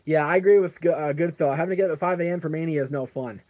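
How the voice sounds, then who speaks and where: A man's voice: a little high, very fast, darkish tone. A man hosting a casual live stream who rambles, answers chat comments aloud, and often stops to correct himself with plenty of fillers. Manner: frequent fillers and self-corrections.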